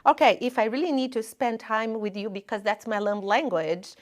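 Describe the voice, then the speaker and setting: A woman in her fifties giving an informal spiritual talk at a spiritist center, with personal stories and gentle humor. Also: fairly high pitch, moderate pace. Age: 50s. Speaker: spiritist lecturer. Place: lecture room at a spiritist center.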